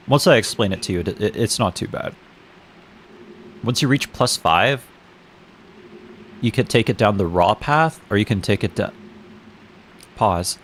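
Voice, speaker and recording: Low-voiced man rambling on a game stream. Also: slight background noise. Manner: rambling, laughing and swearing, restarts often. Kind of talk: casual gaming stream commentary.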